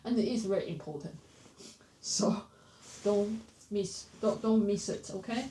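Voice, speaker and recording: A woman teaching pronunciation, repeating words slowly and correcting herself as she goes, in a casual lesson. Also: medium pitch, warm tone. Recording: roomy, slightly distant mic.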